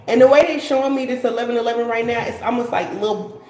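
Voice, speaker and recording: A woman's voice: fairly high pitch, fast talker, a little mellow, roomy sound, low-quality recording. A woman giving a casual live-stream tarot reading, rambling and repeating herself, often saying "like". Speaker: tarot card reader.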